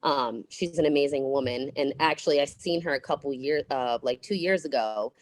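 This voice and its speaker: Low-voiced outspoken woman guest. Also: brisk, dry recording. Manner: blunt, outspoken, swears freely. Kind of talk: candid storytelling interview.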